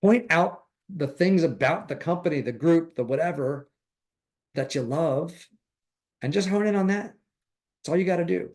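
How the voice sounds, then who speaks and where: Man, instructor, casual coaching, slightly high voice, animated, plays out dialogues. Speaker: real estate recruiting instructor.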